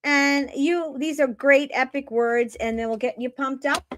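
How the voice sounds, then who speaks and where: Emphatic Boston woman, higher voice. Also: measured pace, fairly bright tone, a little hiss or hum. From Boston area. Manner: emphatic, exclamatory, upbeat preaching tone. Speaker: tarot reader. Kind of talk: spiritual reading talk to viewers.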